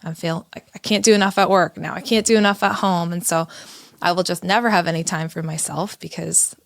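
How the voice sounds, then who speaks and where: A woman in her thirties co-hosting a podcast, telling a candid story in an animated way. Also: fairly low pitch, fairly quick, vocal fry, dry recording, clean studio sound. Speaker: podcast co-host. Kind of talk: casual conversational podcast.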